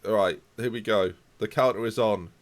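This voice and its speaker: A young man commentating live on his football management game, reacting loudly to the match and chatting to viewers. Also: on the low side, normal speed.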